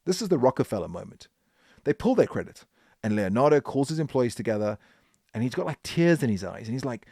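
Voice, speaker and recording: A man hosting a podcast, telling a business history story in an animated, emphatic way. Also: medium pitch, brisk, breathy edge, no echo, studio quality. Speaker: podcast host.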